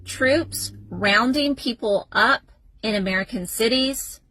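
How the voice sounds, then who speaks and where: A woman reading a scripted news update in a deliberate, emphatic manner. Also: on the high side, sharp tone, low-quality recording.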